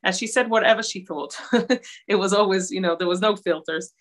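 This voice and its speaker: A woman who grew up in Israel, giving an earnest talk over slides at a Holocaust centre, with many pauses and fillers. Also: medium pitch.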